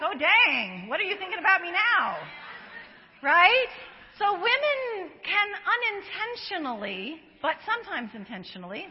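A high, lively woman's voice speaks to a live audience in a big hall. She talks like a counselor, chatty and animated, often slipping into quoted remarks with quick asides to the crowd. The sound is dull and lo-fi and carries a long reverb. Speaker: counselor giving a talk. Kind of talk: conversational lecture to a live audience.

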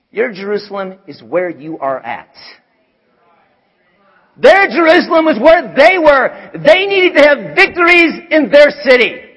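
A man preaching a sermon as pastor, animated, moving from hushed asides to shouts. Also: extremely high pitch. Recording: long hall reverb.

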